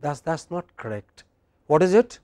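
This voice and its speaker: Male Indian English lecturer, mellow and slightly high, slow and emphatic, dry close sound. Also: big pitch swings, dry recording. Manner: slow, emphatic, quizzing students. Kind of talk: classroom lecture. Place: university classroom.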